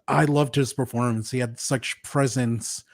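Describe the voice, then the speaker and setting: A man hosting a casual film review chat, opinionated and quick to laugh. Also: mid-range voice, steady tone, creaky, no echo, clean studio sound. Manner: laughs often, opinionated and chatty. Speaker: podcast host.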